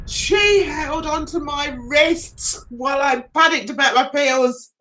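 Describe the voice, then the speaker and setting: A middle-aged English woman telling a chatty, animated story on her livestream, laughing at herself. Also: high voice, takes it slowly, a little hiss or hum. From England. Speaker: YouTuber.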